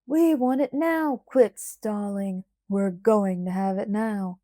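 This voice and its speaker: A woman doing a shouting, angry mob of workmen. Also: high voice, slow pace, dry recording, studio quality, pitched above the performer's own voice. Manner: shouting, demanding.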